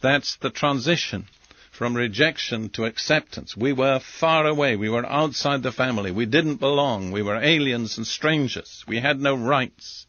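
A man of middle pitch teaches from scripture in slow, deliberate phrases. The recording is dull and lo-fi. It is close and dry with no room around it. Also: a bit bright, no room sound. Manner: measured, deliberate delivery in short phrases. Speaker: Bible teacher. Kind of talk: sermon.

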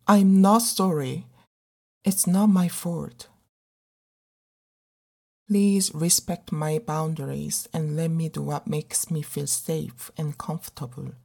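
A middle-aged woman actor performing a dramatic monologue in an earnest, pleading, measured way. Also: low-pitched, steady tone, vocal fry, warm tone, husky. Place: living abroad as a migrant in a big city.

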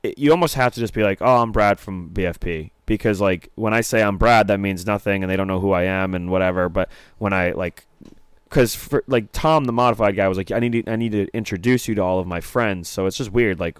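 A man's voice: sits low, smooth, no echo. A young man co-hosting a podcast in casual chat, rambling with lots of filler words. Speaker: podcast co-host.

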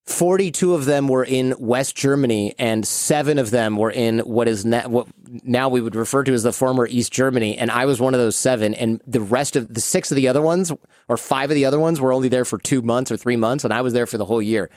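A man's voice: medium pitch, dry recording. Dry-voiced American storyteller man. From United States. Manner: lively storyteller, quick asides. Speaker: podcast guest. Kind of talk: storytelling interview.

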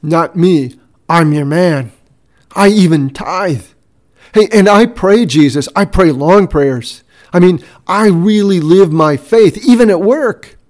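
A man's voice: sits high, expressive, takes it slowly, darkish tone, pitched above the performer's own voice. A man doing a bragging self-righteous churchgoer. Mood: boastful. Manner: bragging, eager, emphatic.

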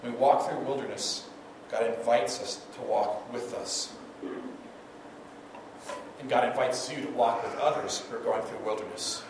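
A man gives a conversational sermon from the pulpit and keeps asking his listeners "right?". His voice is picked up from a distance, so it sounds far off. It rings through a very echoey hall over a clear layer of room noise. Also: medium pitch, fairly even intonation, moderate pace, pauses often. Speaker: pastor.

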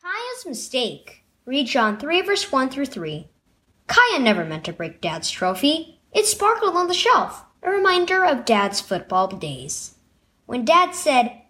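A woman narrating a children's devotional story in an expressive, sing-song storytelling way. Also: fairly high pitch.

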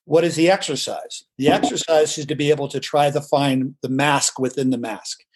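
Male coach, theatrical and emphatic, somewhat high-pitched, podcast guest. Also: steady tone, moderate pace, husky. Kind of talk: podcast interview.

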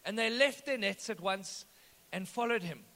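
A high-voiced man preaches a sermon in a large hall, and his voice rings out with a long echo. He tells the story with joking asides and a bright, forceful edge. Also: animated, moderate pace. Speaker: pastor. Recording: echoey hall.

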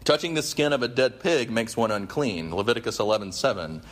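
A man's voice: mid-range voice, big pitch swings, brisk. A man reading out a sarcastic, indignant male president who mocks and rants in a raised voice during a sermon. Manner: mocking, raised voice, building tirade.

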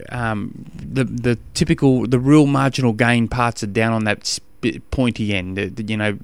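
An easygoing middle-aged Australian man hosts a casual podcast, sprinkling his talk with slang. His voice sounds smooth and clear at a middle pitch. The recording is close and dry, with no room echo. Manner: easygoing and chatty, fond of slang. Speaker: podcast host and triathlon coach.

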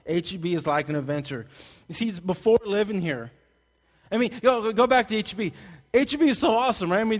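A man from Texas preaching a sermon, telling jokes and stories with big swings between loud and soft. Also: high voice. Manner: animated, joking storyteller who swings loud and soft. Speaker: pastor. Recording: long hall reverb.

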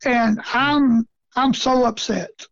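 A middle-aged man with a gravelly, creaky voice tells a story in a casual interview. His way of talking is folksy, with rural grammar and frequent chuckles. The recording is dry and close, with a dull, lo-fi sound. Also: extremely high pitch, fairly even intonation, slow pace, a bit bright, no room sound. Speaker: rabbit hunting guest.

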